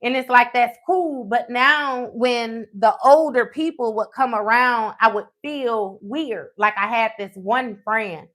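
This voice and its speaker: Woman, pitched a little high; animated, profane live storyteller. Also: slow, few pauses. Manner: animated, profane, frequent "okay?" check-ins. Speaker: tarot reader.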